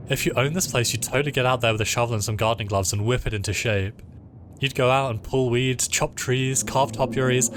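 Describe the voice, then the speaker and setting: Man reading a game aloud, noisy background. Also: mid-range voice. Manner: reads narration in an even voice, then drops into loose, joking asides. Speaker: let's-play host. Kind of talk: reading game text aloud with casual asides. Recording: noticeable background noise.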